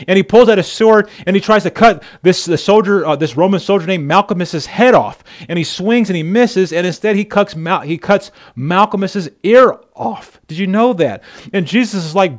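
A male pastor delivering a sermon in a slightly higher-than-average voice. He talks emphatically and keeps turning straight to his listeners with direct calls and questions. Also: brisk. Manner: emphatic, addresses the congregation directly.

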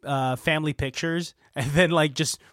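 Higher-voiced guy joking around on a remote podcast, dry close sound. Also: fairly even intonation, normal speed, a bit bright, no echo. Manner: joking, laughs often, teasing. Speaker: podcast co-host. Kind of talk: casual chat. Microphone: remote recording.

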